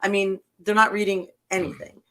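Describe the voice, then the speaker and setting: A woman's voice: medium pitch, level tone, moderate pace, fairly bright tone. A woman hosting a political podcast, talking bluntly and emphatically, swearing freely in casual chat. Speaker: podcast host.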